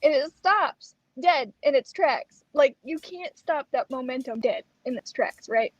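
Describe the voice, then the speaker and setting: A woman co-hosting a chat show, telling a personal story in a lively way and acting out the lines she quotes. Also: high-pitched, unhurried, no room sound, highs cut off. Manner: animated, acts out quoted lines. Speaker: co-host.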